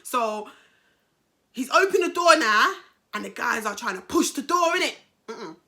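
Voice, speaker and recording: A young woman with a British accent tells a personal story in a casual storytime vlog, animated, slangy and full of swearing. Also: on the high side, a little slow, gravelly. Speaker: YouTuber telling a story.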